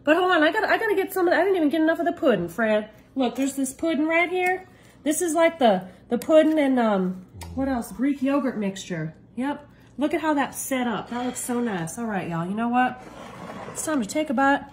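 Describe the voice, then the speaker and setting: A woman's voice: high-pitched, lively intonation, a little fast, poor audio. A woman hosting a casual cooking demonstration, chatty and enthusiastic. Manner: chatty and enthusiastic, often saying "y'all". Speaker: cooking video host.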